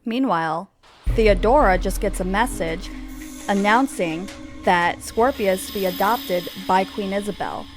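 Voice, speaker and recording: A woman narrating her life-sim story in a chatty, giggly way. She fills her sentences with fillers and asides. Her pitch sits in an ordinary middle range. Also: a little slow, music in the background, low-quality recording. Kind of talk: casual game story narration.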